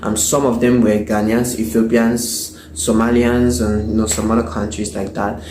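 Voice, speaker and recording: A man giving a measured opinion monologue, pausing on fillers and correcting himself as he goes. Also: fairly low pitch, flat delivery. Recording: echoey and noisy recording.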